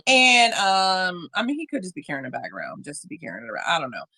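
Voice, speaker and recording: A woman's voice: on the low side, fast. A woman co-hosting a podcast, chatting casually and animatedly, acting out little quotes as she tells stories. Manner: animated storyteller, acts out quotes. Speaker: podcast co-host. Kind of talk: casual chat. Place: living in Japan.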